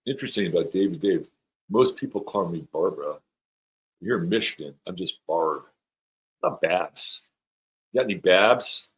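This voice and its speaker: A man's voice: deep voice, lively intonation, moderate pace, long pauses, poor audio. A middle-aged man hosting an astrology live stream, chatting playfully and rambling as he reads viewer comments aloud. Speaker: astrologer host.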